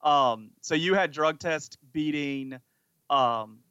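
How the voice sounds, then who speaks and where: A man's voice: fairly high pitch, slow pace, a bit bright, clear, resonant tone, dry recording, muffled recording. A man co-hosting a podcast in casual chat, talking eagerly and rambling with lots of fillers. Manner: enthusiastic, rambling, many "like" fillers. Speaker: podcast co-host.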